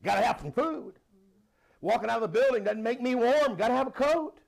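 High-voiced, animated male preacher. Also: fairly quick, gravelly. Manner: animated preaching with laughs and Bible readings. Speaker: pastor. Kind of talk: sermon.

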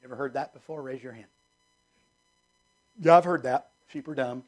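A middle-aged male pastor preaching a sermon, emphatic and repetitive, swinging between loud declarations and hushed asides. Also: mid-range voice, moderate pace.

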